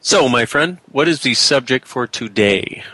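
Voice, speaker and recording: A middle-aged man co-hosting a casual talk show, speaking animatedly and jumping up in pitch when he gets excited. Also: a little slow, no room sound, rough recording. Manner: animated, rising excitedly on exclamations. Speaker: co-host. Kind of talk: casual conversational chat.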